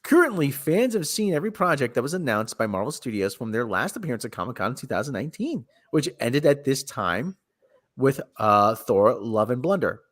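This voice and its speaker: Sarcastic man with a lively voice. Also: mid-range voice, a little fast. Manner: sarcastic, exasperated, sighs often. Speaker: podcast host. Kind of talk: casual chat about movie news.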